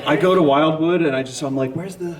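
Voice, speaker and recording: A man's voice: fairly high pitch, fast talker, a crowd in the background. A man on a comedic convention panel, rambling and joking self-deprecatingly as he answers audience questions. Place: large convention hall with an audience. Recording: distant mic in a crowded hall.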